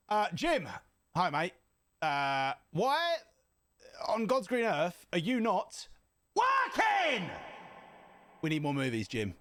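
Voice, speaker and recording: A young man streaming a reaction video, chatting to viewers in an excitable, jokey, shouty way. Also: high voice, slow, long pauses, no room sound, clean studio sound. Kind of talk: casual live reaction chat.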